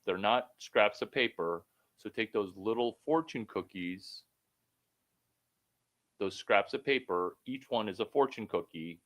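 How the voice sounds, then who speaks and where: A man coaching someone one-on-one over a call, blunt and profane, rambling with sudden loud bursts. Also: on the low side. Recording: phone call.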